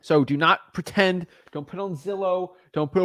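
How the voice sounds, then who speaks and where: A man who wholesales real estate, talking casually between cold calls in an animated rant and stumbling over repeated words when he gets worked up. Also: on the high side, normal speed, dry recording, clean studio sound.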